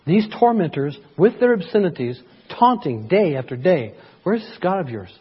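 A man's voice: on the high side, big pitch swings, moderate pace, breathy edge, highs cut off. A man preaching a sermon in church, reading scripture aloud and rising to emphatic peaks, often asking the congregation for agreement. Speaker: pastor.

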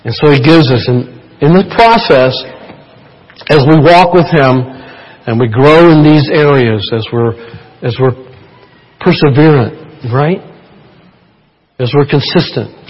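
A man's voice: medium pitch, lively intonation, a little slow, long pauses, a little mellow, slightly rough, highs cut off. A man preaching a sermon in a church, chatty and playful, joking with the congregation. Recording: church hall reverb.

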